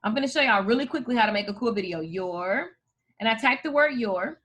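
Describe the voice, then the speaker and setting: A woman host, teaching viewers in an energetic live video tutorial. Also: on the high side, a little fast. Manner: energetic, hyped, addresses viewers as "you guys". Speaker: host and coach.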